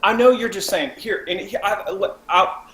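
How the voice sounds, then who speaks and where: A man playing a tabletop game argues heatedly in character, defensive and stammering. His voice sits high and sounds bright and forceful at normal speed, in an echoey room with faint noise.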